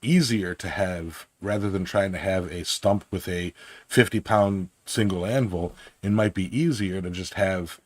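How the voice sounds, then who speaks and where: A man with a very low voice, chatting on a podcast in a loose, rambling way. He jokes a lot and circles back on himself mid-sentence. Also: a little slow, dry recording. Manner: rambling, joking, with many restarts and fillers. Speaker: podcast co-host. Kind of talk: casual podcast chat.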